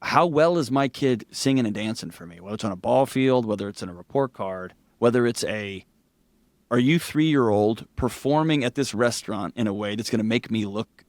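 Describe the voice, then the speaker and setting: A middle-aged man with a Southern US accent, a podcast guest telling stories with animated bursts and laughter. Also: mid-range voice, no echo. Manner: animated storyteller, quick bursts, laughs through anecdotes. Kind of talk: candid conversational interview.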